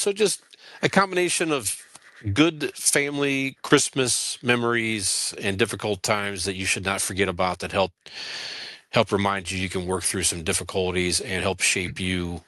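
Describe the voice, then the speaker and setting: A man in his fifties with a very low voice and a bright, forceful edge. He co-hosts a casual podcast, talking earnestly and haltingly. The sound is close and dry. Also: no echo. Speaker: podcast co-host.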